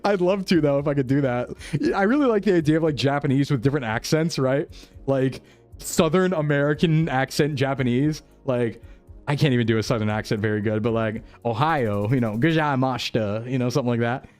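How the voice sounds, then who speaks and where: A man's voice: mid-range voice, brisk, darkish tone. A young man streaming a geography game, chatting casually with his viewers, joking and laughing often. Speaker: VTuber streamer. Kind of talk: casual livestream chat while playing. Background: faint background music.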